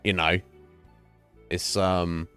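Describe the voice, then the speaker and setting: A man's voice: low voice, little pitch movement, extremely slow, sharp tone, clear, resonant tone, soft background music. A man livestreaming a game from home, ranting in casual chat, swearing freely, repeating words and laughing often. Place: home streaming setup.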